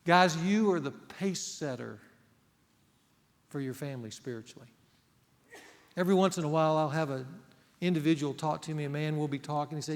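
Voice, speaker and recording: Preaching pastor in a reverberant hall. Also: male voice, on the high side, normal speed, long pauses. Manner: earnest, emphatic preaching with rhetorical questions. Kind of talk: sermon.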